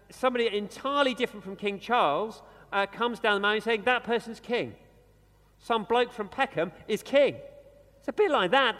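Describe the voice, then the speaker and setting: A man delivers a sermon in a bright, high voice that swoops up and down with energy. He talks conversationally and slows to a hush on key words. The church around him adds a long, trailing reverb. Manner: conversational, animated, with dramatic pauses and slowed emphasis. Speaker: preacher.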